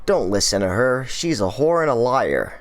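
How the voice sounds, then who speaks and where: A man with a mid-range voice gives blunt, dismissive commentary as he reacts to clips, cutting in with short, flat verdicts and sign-offs. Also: mid-range voice, moderate pace. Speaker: reaction video host.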